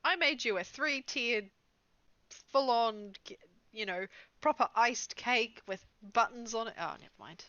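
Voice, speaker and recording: A woman's voice: on the high side, measured pace, pushed and bright, highs cut off. A woman playing a tabletop role-playing game, chatting casually and laughing easily. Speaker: player.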